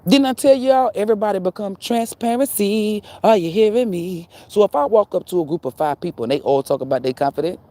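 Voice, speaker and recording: A woman's voice: mid-range voice, expressive, brisk, hardly any pauses, dark tone, no room sound. A woman giving a profane, preachy spiritual rant straight to her viewers, full of rhetorical questions. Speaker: spiritual channel host.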